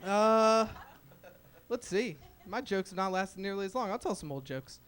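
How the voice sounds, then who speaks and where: High-voiced young comedian. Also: male voice, expressive, moderate pace, fairly bright tone, a little hiss or hum. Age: young adult. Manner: rambling, self-deprecating, lots of fillers. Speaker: stand-up comedian. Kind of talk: stand-up comedy set. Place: small open-mic venue stage.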